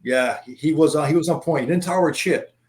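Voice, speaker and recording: A man's voice: a little high, fast. A middle-aged man, a guest, telling stories in a rambling, profane casual chat.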